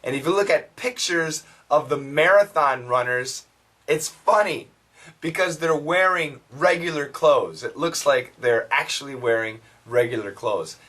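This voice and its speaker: An American man teaching English pronunciation, patiently repeating words slowly so learners can drill them. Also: fairly high pitch, a bit bright, distant mic. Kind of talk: pronunciation lesson.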